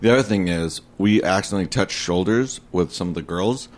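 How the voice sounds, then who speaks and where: A man who is a comedian guest, telling a story in an animated way during a casual chat. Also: low voice, fairly quick.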